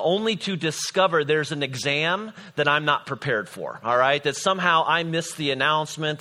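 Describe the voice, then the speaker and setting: A man's voice: mid-range voice, bright, forceful tone. A middle-aged man from Illinois, a pastor preaching a sermon in a conversational storytelling way with frequent "all right?" asides.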